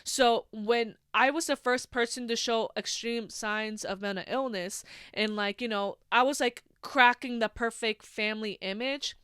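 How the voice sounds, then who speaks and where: A woman's voice: on the high side, unhurried, few pauses, a bit bright, clean tone, dry recording, clean studio sound. A woman in her twenties hosting a solo podcast, talking frankly and with a lot of swearing and "like" fillers. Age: 20s. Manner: frank and heavily profane, full of "like" fillers. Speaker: podcast host. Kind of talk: candid solo podcast monologue.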